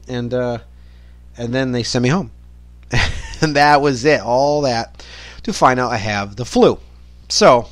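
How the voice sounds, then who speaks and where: A man's voice: medium pitch, a bit bright, dry recording. Profane, rambling man podcast host. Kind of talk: rambling solo monologue rant.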